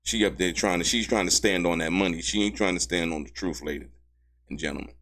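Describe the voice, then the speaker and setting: A man hosting a casual legal commentary show, excitable and emphatic, who keeps repeating "ladies and gentlemen" and jumps up high in pitch when outraged. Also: fast. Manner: laughs mid-sentence, emphatic repetition. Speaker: commentary channel host.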